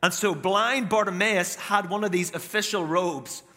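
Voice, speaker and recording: A man's voice: sits high, normal speed, pushed and bright. A man with an Irish accent, preaching a sermon and telling a humorous, self-mocking story in a large church auditorium. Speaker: pastor. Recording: reverberant auditorium.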